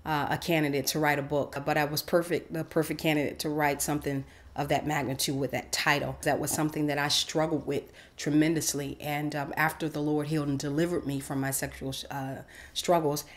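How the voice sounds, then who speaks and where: A woman host telling a personal faith story in a casual, animated way with many fillers. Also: sits low, fairly quick. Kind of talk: personal testimony.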